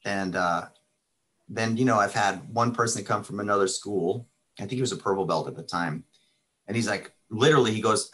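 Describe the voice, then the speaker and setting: A man's voice: lowish voice, normal speed, fairly bright tone. A middle-aged man who owns a martial arts school, casually telling stories in an interview, laid-back and chatty. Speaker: martial arts school owner, podcast guest.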